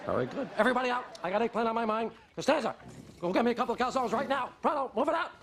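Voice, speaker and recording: A man's voice: very high voice, big pitch swings, racing, creaky, a bit bright, a faint crowd, slight background noise, exaggerated voice. An actor playing a rambling, blustery male baseball team owner who bosses his staff around in a sitcom. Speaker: boss. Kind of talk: sitcom acting.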